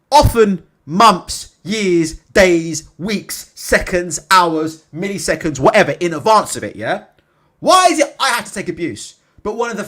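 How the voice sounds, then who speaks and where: Hosting a boxing YouTube channel, a man with a high-pitched, slightly bright voice delivers casual opinion commentary. He constantly adds "innit?" or "right?" as rhetorical tags, drops casual swear words and chuckles at his own jokes.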